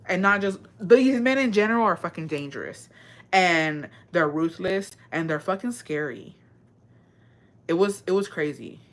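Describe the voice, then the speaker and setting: A woman with a slightly low-pitched voice, talking in a loose, casual chat. She is blunt and profane, sprinkling Spanish phrases into her talk. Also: animated, a little slow.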